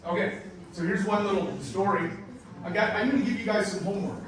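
An American man giving a classroom lecture as a guest nature guide, animated and storytelling, with simple wording for learners. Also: high-pitched, fairly quick, a crowd in the background. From United States. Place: large lecture hall. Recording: echoey hall from far off.

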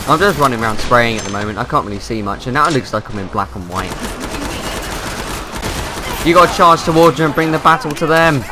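A young man commenting on a shooter game as he plays, excitable and yelling when things go wrong. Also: mid-range voice, fairly quick. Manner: excitable, yelling in panic during fights. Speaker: gaming YouTuber. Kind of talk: gameplay commentary. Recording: gunfire noise behind voice. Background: game gunfire and effects.

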